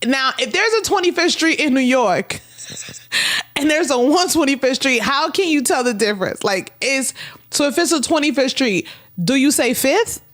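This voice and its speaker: Animated, laughing woman from Miami. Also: high voice. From Miami, Florida. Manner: animated, laughs often, teasing. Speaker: reaction video host. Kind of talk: casual reaction commentary.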